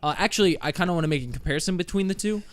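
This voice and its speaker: A man's voice: high-pitched, racing, clear, resonant tone, no echo. A man hosting a casual podcast, arguing his point on football with plenty of filler words. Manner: chatty, argues his case with filler words. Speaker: podcast host. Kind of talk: casual sports chat.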